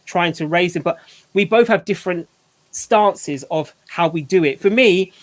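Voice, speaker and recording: A man's voice: sits high, normal speed. A man hosting a casual group video chat, talking in a rambling way with many restarts and "you know"s. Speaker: channel host and father.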